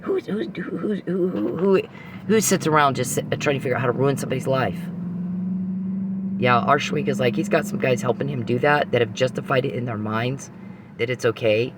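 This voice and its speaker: Man, podcast host, angry rant, profane, confrontational, medium pitch. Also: a little fast, background noise. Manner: ranting, profane, addressing an adversary directly. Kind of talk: angry monologue.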